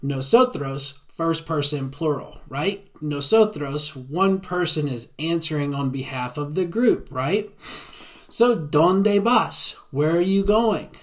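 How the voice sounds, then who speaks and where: A man with a Southern American accent giving a beginner lecture, often checking in with a quick "right?". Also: on the high side, expressive. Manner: frequent tag "right?". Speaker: Spanish teacher. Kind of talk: classroom lecture.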